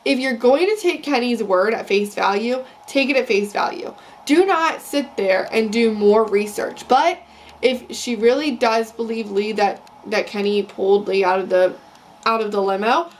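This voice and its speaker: A young woman vlogs about a reality show, ranting casually and heatedly as she rambles through her strong opinions. Her voice is a little high and moderately paced, with slight background noise.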